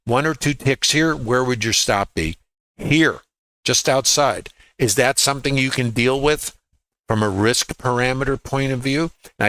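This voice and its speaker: Emphatic man teaching trades, bright voice. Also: medium pitch, no echo, rough recording. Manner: emphatic, repeats key words, asks rhetorical questions. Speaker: trading educator. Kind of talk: live trading chart walkthrough.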